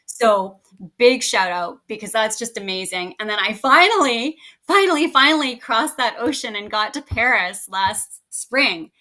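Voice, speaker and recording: A woman's voice: fairly high pitch, expressive, a little slow, sharp tone, poor audio. A woman, a guest teacher chatting casually on a podcast, talking in an effusive way and often restarting her sentences. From Canada.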